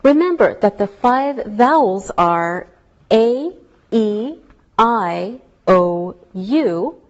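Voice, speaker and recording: Slow, deliberate woman teaching English. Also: mid-range voice, expressive, darkish tone, lo-fi sound. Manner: slow, clearly spelled-out teaching delivery. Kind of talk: scripted English lesson.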